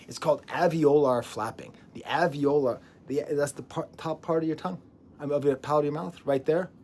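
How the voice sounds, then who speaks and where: Animated man chatting through an album review. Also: medium pitch, a little hiss or hum. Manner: animated, digressive, laughs often, breaks into whispers. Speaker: music reviewer.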